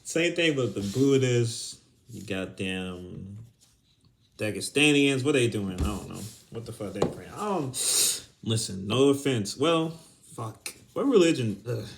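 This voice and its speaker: A man's voice: medium pitch, expressive, measured pace, gravelly, a little hiss or hum. A young adult man hosting a podcast, ranting casually with heavy swearing and bursts of laughter. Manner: profane, heated, breaks into laughter. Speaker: podcast host.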